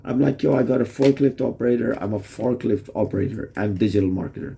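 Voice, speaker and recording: A man's voice: mid-range voice, fast talker, creaky, dark tone, slight background noise. A man rambling in a casual vlog monologue to the camera, swearing and restarting his sentences as he goes. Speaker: vlogger. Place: Toronto area.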